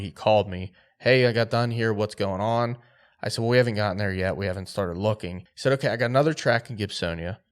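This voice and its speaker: A man telling a hunting story on a podcast, animated and acting out quotes. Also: lowish voice. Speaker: podcast host.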